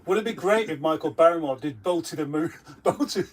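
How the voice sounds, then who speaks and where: A man's voice: on the high side, fairly quick, background noise. A man co-hosting a casual live stream who teases his partner and rambles through his explanations. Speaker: co-host.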